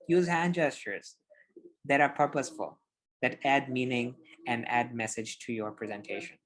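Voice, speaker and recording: A man giving public speaking tips on a podcast over a video call, explaining in an animated, demonstrative way. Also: mid-range voice, moderate pace. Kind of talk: instructive podcast conversation.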